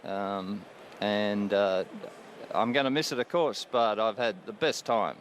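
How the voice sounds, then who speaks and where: A man's voice: lowish voice, unhurried, slight background noise. A radio cricket commentator in his sixties, chatting casually on air and laughing often at his own stories. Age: 60s. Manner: chuckling, warm-hearted, laughs often.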